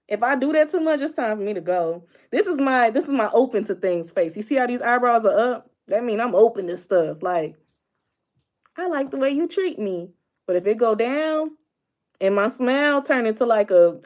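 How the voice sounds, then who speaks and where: A young woman giving relationship advice in a casual chat to her viewers, bubbly and animated, laughing often as she talks. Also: on the high side, moderate pace. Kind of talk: casual direct-to-camera chat.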